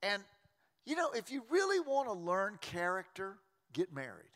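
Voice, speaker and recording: A man, preaching a sermon as a pastor in a folksy, joking way with quick restarts. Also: high-pitched, wildly swooping pitch, fairly bright tone. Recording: long reverb of a large hall.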